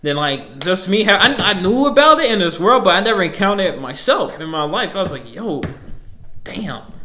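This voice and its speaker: A man's voice: a little high, pushed and bright, echoey room, slight background noise. A nineteen-year-old man hosting a podcast solo, telling a story in loose, rambling, profane talk that often breaks into laughs. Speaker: podcast host.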